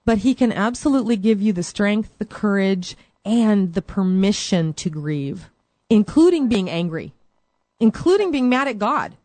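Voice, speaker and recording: A woman's voice: medium pitch, lively intonation, moderate pace, dry recording. Soothing woman radio counselor, dry sound. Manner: warm, soothing, affectionate pet names. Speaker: radio show host and spiritual counselor. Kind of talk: call-in advice talk.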